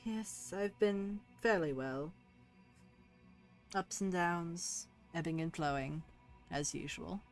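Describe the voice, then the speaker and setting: A woman's voice: on the low side, takes it slowly, pauses often, faint music behind. A woman voicing a tired adult man who is recovering from illness and speaks in a subdued murmur, in a tabletop game. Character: weary, recently ill adult man.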